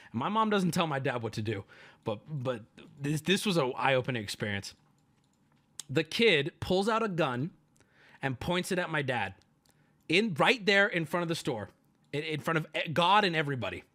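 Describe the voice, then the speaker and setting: A man's voice: on the high side, normal speed. A man telling a family story on his stream in a casual, profane, joking way. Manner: animated, profane, jokey.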